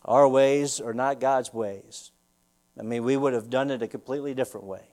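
A male pastor preaching a sermon in church, acting out anguished prayers with his voice climbing sharply, then dropping low to explain. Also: normal speed, darkish tone. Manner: preaching with dramatic acted-out prayers, voice rising sharply when quoting.

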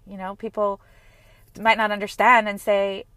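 A woman's voice: mid-range voice, little pitch movement, normal speed, smooth, dry recording. Earnest woman reflecting, dry close sound. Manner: earnest, heartfelt, gently reflective. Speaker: mother sharing personal reflections. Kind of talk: personal monologue.

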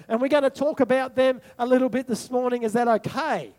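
Male pastor, very high voice, repetitive rhetorical sermon delivery. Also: steady tone, a little fast, hardly any pauses, a little mellow. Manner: repetitive rhetorical preaching, asks the congregation questions.

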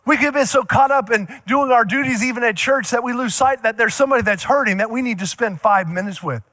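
A male pastor preaching a sermon, animated, acting out little scenes for the congregation. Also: extremely high pitch, quick pace, dry recording, studio quality.

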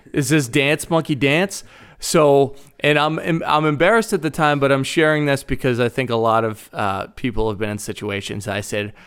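A man from Boston speaks with a clear, smooth, resonant voice at an ordinary pitch. He shares his story casually as a podcast co-host, trailing off and restarting often. His delivery is loose and full of fillers. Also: fairly bright tone. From Boston, Massachusetts. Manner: rambling, many fillers and restarts. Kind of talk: casual recovery-meeting share.

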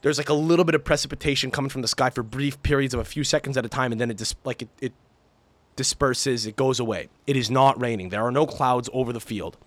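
A man's voice: mid-range voice, fast, dry recording. Profane young man telling stories. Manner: animated, profane, exaggerated storytelling. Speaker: podcast host. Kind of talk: casual solo podcast storytelling.

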